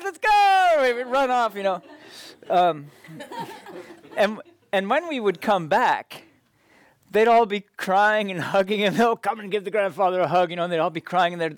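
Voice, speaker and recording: A man tells stories to an audience in a loose, conversational way, often restarting mid-sentence and leaning on filler phrases. His voice sits at an ordinary middle pitch. The sound is dry and close, with no room echo. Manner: halting, many restarts and "you know". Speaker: speaker telling stories to an audience. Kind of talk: casual storytelling talk.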